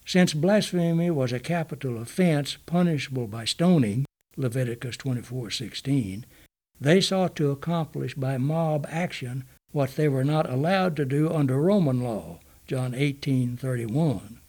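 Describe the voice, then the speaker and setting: Slow, measured man reading scripture study. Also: medium pitch, a little mellow.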